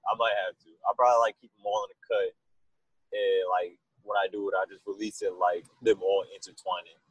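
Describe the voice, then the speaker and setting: Husky-voiced young man, chatty and rambling. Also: on the low side, brisk, no echo, lo-fi sound. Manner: rambling, animated storytelling with laughs. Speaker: musician guest. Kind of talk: casual interview chat.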